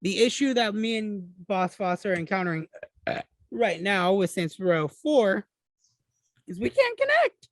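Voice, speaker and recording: A man with a fairly high voice talks casually about games as a podcast co-host. He sounds relaxed and chatty, swears now and then, and is recorded dry and close with no room sound. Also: unhurried, no room sound. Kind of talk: casual gaming chat.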